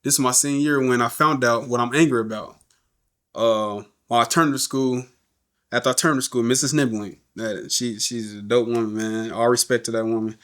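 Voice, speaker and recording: A man's voice: medium pitch, fairly quick. A middle-aged man, a podcast guest, telling a story in casual talk and acting out the voices of the people he quotes. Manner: animated, acts out quoted voices.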